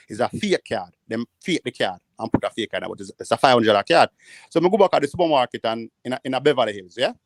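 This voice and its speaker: A Jamaican man telling rambling, animated stories in patois during a casual panel chat. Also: medium pitch, no echo, clean studio sound. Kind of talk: casual storytelling. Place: living in the United States.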